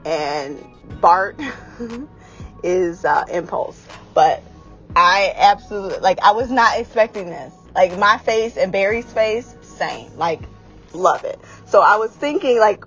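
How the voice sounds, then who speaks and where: Excitable chatty woman podcaster. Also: mid-range voice, dull audio. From Washington state, US. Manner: excitable, chatty, lots of fillers. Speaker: podcast co-host. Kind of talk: casual fan recap chat.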